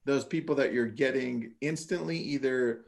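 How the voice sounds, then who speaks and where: A man's voice: mid-range voice, normal speed, gravelly. A man hosting a casual livestream interview, upbeat and enthusiastic, calling his guest "dude". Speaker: host.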